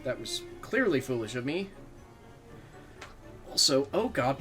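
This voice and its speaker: A man's voice: mid-range voice, very animated, takes it slowly, fairly bright tone, soft background music. A man streaming a video game, chatting casually as he plays, rambling and swearing freely with self-mocking asides. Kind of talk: casual gameplay commentary.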